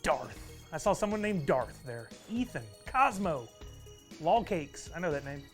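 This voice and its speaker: A man's voice: a little high, very animated, a little slow, faint music behind. A man from Texas, hosting a live stream in a casual, upbeat way and greeting viewers by name. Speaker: livestream host.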